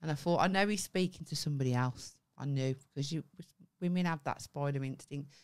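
A woman with a low voice and brisk pace co-hosts a comedy podcast. In casual storytelling chat, she tells a story animatedly, acting out quoted lines and swearing freely.

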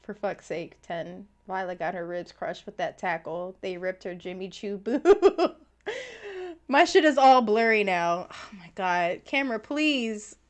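A woman streaming a game live, reacting loudly, swearing and shouting at the screen. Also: medium pitch, measured pace. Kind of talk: live gameplay reaction commentary. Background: loud game music and sound effects.

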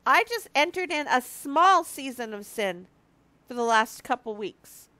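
A woman's voice: sits high, sing-song, unhurried, sharp tone, no room sound. A woman in her early fifties giving an earnest, confessional devotional talk to her viewers, teary and close to crying, often restarting her sentences. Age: 50s. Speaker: marriage ministry speaker.

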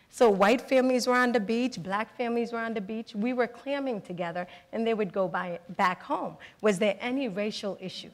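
A woman, a state senator earnestly telling personal stories in a panel discussion. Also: medium pitch. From Boston, Massachusetts. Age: 40s. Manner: earnest storytelling, brisk. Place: public forum hall. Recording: echoey hall.

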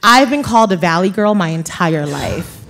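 A woman's voice: lowish voice, animated, normal speed, a bit bright. A woman in her thirties, from New York, telling a story on stage at an author event, chatty and laughing often, with many fillers. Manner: chatty, laughing, lots of "like" and "you guys". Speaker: author guest. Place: live author event before an audience.

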